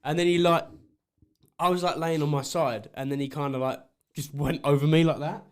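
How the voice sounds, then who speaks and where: A man's voice: fairly high pitch, fairly even intonation, a little fast. A man co-hosting a podcast, telling a rambling story in casual chat and giggling often. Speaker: podcast co-host.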